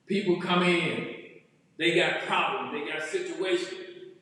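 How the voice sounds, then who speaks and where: A male pastor preaching a sermon, building to shouted emphasis on key phrases. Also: a little high, slow. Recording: echoey hall, far from the mic.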